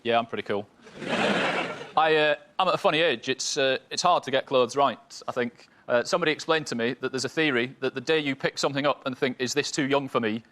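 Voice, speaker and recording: A man's voice: medium pitch, a little fast, sharp tone. A man in his early thirties on a comedy panel, with a dry, hesitant, self-deprecating delivery. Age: early 30s.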